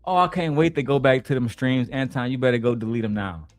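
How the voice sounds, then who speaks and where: A man's voice: medium pitch, fast, dry recording, faint music behind. A man hosting a casual reaction commentary, profane and mocking, laughing often. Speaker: commentary host.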